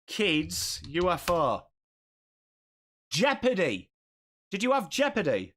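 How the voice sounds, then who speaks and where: A man's voice: high-pitched, huge pitch swings, slow, pauses often, fairly bright tone. A man with an English accent hosting a live football watchalong, chatting casually with viewers and calling the play. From England. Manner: chatty, reads and answers viewer comments while calling the play. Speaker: host of a live footy watchalong. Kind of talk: casual live-stream chat with commentary.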